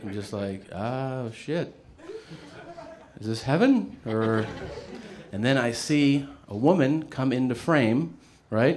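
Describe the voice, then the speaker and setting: A man's voice: medium pitch, a little hiss or hum. A man telling a story in a stand-up comedy set, casual and profane, often laughing as he talks.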